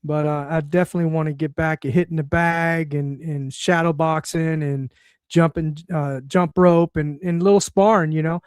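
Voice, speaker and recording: A man's voice: on the high side, fairly even intonation, normal speed, smooth, no room sound, studio quality. A man in his sixties, a guest in a casual chat, talking easily with lots of fillers and repeats. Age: 60s. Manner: easygoing, talks with many fillers and repeats.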